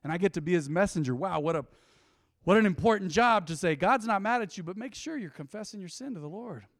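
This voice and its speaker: Animated man preaching a sermon. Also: sits high, quick pace, dry recording, clean studio sound. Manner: animated, preaching with sudden loud swells and quiet drops. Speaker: pastor. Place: church.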